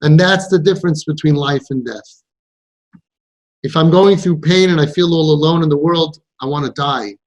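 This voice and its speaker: A man's voice: fairly high pitch, moderate pace. A man coaching parents in an impassioned counseling talk, stressing points by repeating them and mixing in Yiddish and Hebrew words. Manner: emphatic, repeats phrases for stress.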